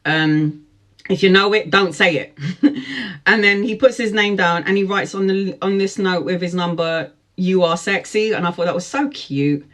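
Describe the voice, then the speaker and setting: A woman in her forties telling a personal story, lively, laughing often and acting out what people said. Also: fairly low pitch, normal speed. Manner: lively, laughs often, acts out quoted speech. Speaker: tarot vlogger. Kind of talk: storytime chat.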